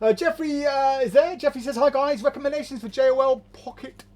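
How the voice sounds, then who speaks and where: A man's voice: extremely high pitch, a little fast, a loud crowd. A man hosting a casual live stream, reading viewer comments aloud with chatty asides and easy laughs. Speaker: host of a magic shop's live show. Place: magic shop studio.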